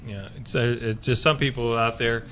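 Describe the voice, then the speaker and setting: A man's voice: mid-range voice, fairly even intonation, moderate pace, noisy background. A man hosting a casual faith talk radio show, rambling with many fillers and restarts.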